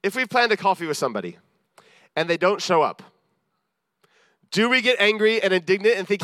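A man delivers a sermon in an earnest, self-deprecating manner and acts out the people he quotes. His voice sits high for a man. The sound is dry and close, with no room echo. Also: lively intonation, a little fast, sharp tone. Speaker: preacher.

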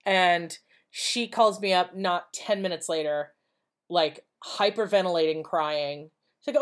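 A woman's voice: on the low side, a little slow. A woman co-hosting a podcast, telling a personal story in a blunt, profane, casual way and acting out the dialogue. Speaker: podcast co-host.

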